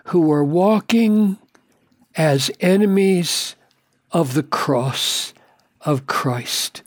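An older man teaches through a scripture passage in a slow, deliberate way, pressing on key words with earnest weight. His voice sits a little high for a man. The sound is dry and close, with no room around it. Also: darkish tone, breathy edge, dry recording. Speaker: pastor. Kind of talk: Bible teaching talk.

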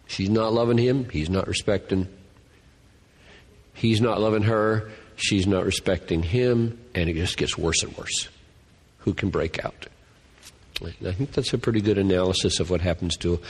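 A man's voice: sits low, breathy edge, in a large hall. A man giving a Bible lecture to a class, thinking aloud and earnestly repeating key words. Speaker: Bible teacher.

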